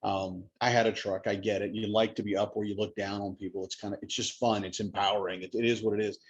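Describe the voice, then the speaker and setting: A man co-hosting a podcast in casual chat. He is an animated storyteller who acts out voices and enunciates carefully. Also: lowish voice, fast, husky. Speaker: podcast co-host. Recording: dull lo-fi sound.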